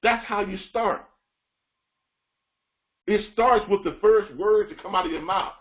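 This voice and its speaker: A man gives a coaching talk over a call, his fairly high voice leaning on repetition and lively retellings. The sound is muffled and lo-fi. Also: a little slow. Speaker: freight broker trainer. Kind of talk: motivational training call.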